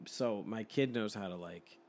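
A man's voice: on the low side, measured pace, a little mellow, a little hiss or hum. A man in his thirties telling a story in casual chat, swearing freely and laughing often.

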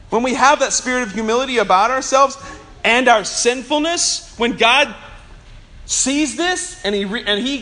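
A man preaching a Sunday sermon, telling humorous, chatty stories and slowing down to press points home. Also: very high-pitched, pushed and bright. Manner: earnest preaching with slow emphasis. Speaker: pastor.

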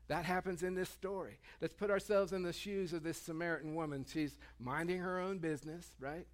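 A man's voice: a little high, brisk. A male pastor preaching a sermon in a conversational, joking way, retelling scripture in everyday terms.

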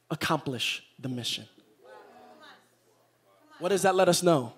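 A man preaching a sermon to a live church congregation, repeating phrases and building to loud, shouted peaks. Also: sits high, breathy edge. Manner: engages the congregation directly.

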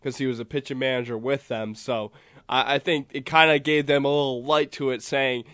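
A man's voice: mid-range voice, steady tone, a little fast, a bit bright, no echo, studio quality. Earnest New England sports talk man. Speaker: sports radio co-host. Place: radio studio. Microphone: studio microphone.

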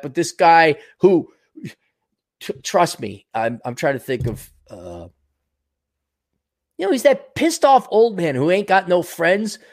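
A man hosting a livestream, reading viewer donations and ranting bluntly with plenty of profanity, fillers and restarts. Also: fairly high pitch. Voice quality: fast, loose delivery with many fillers and restarts. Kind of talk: casual livestream rant.

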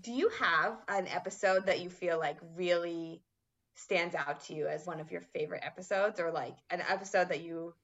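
A woman interviewing a guest in casual chat, encouraging and quick to affirm. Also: fairly low pitch, a bit bright. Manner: encouraging, short backchannels. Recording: dull lo-fi sound.

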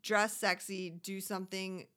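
Woman co-host, bright and crisp tone, casual sarcastic banter. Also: medium pitch, little pitch movement, unhurried. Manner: chatty, sarcastic, acts out quotes in squealy voices. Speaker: podcast co-host recapping a reality show. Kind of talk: casual chat.

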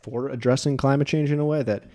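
A man's voice: medium pitch, fairly even intonation, quick pace, noisy background. A young man from New Jersey hosting a podcast in casual chat, rambling and restarting words as he goes. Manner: rambling, self-interrupting with repeated words. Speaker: podcast host.

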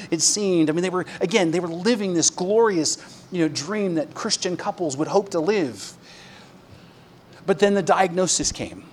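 A man delivering a sermon in a slightly raised pitch. He talks conversationally with plenty of fillers. He drops his voice low for the quiet parts and pushes it up for emphatic peaks. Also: slight background noise. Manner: conversational preaching with fillers, swinging from hushed to emphatic. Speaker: pastor.

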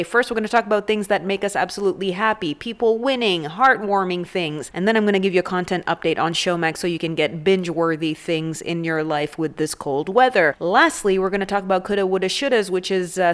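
A woman in her thirties hosting a comedic solo show, animated and crude, with self-mocking jokes. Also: lowish voice. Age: 30s. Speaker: host.

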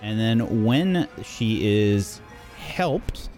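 A man narrating as game master in a tabletop game, relaxed and thinking aloud as he goes. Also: fairly low pitch, very slow, faint music behind.

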